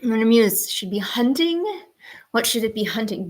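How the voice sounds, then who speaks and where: A woman's voice: on the high side, animated, moderate pace. A woman chatting casually on a live stream as she draws at home, talking to her viewers. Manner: chatty, talks to her cats and chat. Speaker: art streamer. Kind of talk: casual live-stream chat while drawing.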